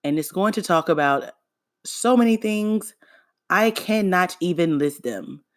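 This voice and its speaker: Low, slow-talking woman podcast host. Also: expressive, no echo, clean studio sound. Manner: playful, sarcastic, chatty. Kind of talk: casual solo podcast monologue.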